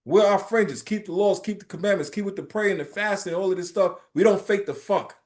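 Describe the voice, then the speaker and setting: High-voiced man preaching emphatically. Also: quick pace. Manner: emphatic, keeps asking "right?"; streetwise, lively storytelling. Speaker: religious class teacher. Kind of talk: informal preaching class.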